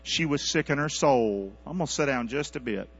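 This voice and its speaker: A man preaching a sermon as pastor, calling out for responses from his congregation and swinging from quiet asides to loud, high-pitched exhortation. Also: normal speed, gravelly, husky. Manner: calls for congregation responses, animated rising delivery. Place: church sanctuary. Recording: dull lo-fi church recording with mains hum.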